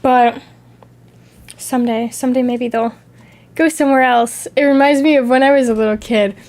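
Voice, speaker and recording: A young woman with a high, light voice chats casually on a stream. She is sick with a lingering cough and tells stories in an animated, lively way. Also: moderate pace. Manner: animated, chatty storytelling with acted-out quotes. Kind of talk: casual chat.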